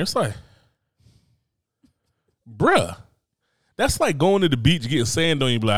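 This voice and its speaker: Brief: male co-host, lively, profane comic banter, dry studio sound. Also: medium pitch, brisk, pauses often, dry recording. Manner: animated, profane, acts out voices. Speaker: podcast co-host. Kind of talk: casual comedic chat. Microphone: studio mic, close.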